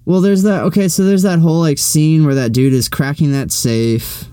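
A man's voice: on the high side, steady tone, moderate pace, warm tone, clear, resonant tone, no echo, clean studio sound. A man casually recapping a TV series on a podcast, rambling with fillers and the odd swear. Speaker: podcast co-host. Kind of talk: casual chat.

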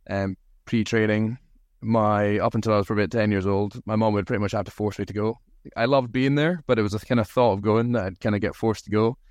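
A man's voice: on the low side, smooth, no echo, clean studio sound. A man from Aberdeen with a Scottish accent, telling easygoing, self-deprecating stories as a podcast guest. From Aberdeen, Scotland. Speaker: podcast guest, rugby team captain. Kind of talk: casual interview storytelling.

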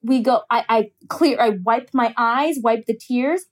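A woman's voice: on the high side, measured pace. A young woman hosting a podcast, telling a personal story in casual chat, candid and profane, laughing often.

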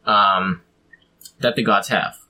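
A man's voice: lowish voice, steady tone, slow, bright, forceful tone, rough recording. A man in casual chat, explaining how to build a fantasy pantheon, rambling with frequent ums. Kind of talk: casual chat about tabletop game design.

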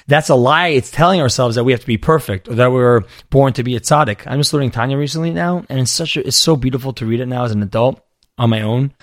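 A man's voice: medium pitch, fast talker, dry recording. Earnest man, dry close sound. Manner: earnest, explains spiritual teachings with animated asides. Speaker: podcast host. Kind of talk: casual conversational interview.

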